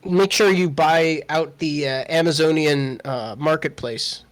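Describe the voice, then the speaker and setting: A man's voice: fairly high pitch, unhurried. A man playing in a tabletop game, joking around in a laid-back way. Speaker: player. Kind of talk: casual chat in a tabletop game.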